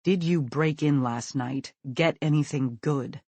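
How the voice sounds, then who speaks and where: Furious, sarcastic mother, read by a male narrator, husky edge, dry close sound. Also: on the high side, a little slow, no room sound. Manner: sharp, demanding, sarcastic. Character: furious suburban mother interrogating her teenage son.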